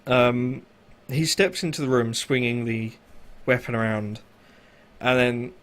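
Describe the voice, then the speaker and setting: A man's voice: medium pitch, a little slow, fairly bright tone. Man, game master, casual narration, filler-heavy, mid-range voice.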